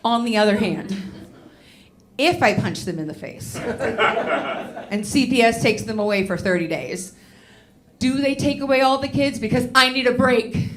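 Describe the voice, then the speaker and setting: A woman's voice: a little high, expressive, a little slow, pauses often, slight background noise. A woman in her thirties performing a stand-up comedy set in a club, brash and profane, with self-mocking punchlines on a handheld stage mic.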